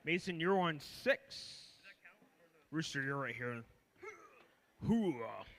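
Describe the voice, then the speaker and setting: A man directing races at an indoor RC car track, briskly calling out driver names, heats and cone positions. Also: a little high, animated, sharp tone. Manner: brisk, practical, calls names in quick lists. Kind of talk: announcing driver lineups over a track PA.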